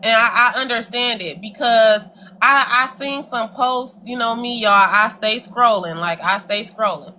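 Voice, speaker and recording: Chatty woman co-hosting a stream, aave, pretty high voice, real bright and sharp, bit of faint room noise behind. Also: unhurried. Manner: chatty, addresses viewers as y'all. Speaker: co-host. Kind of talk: casual livestream chat. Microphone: video call.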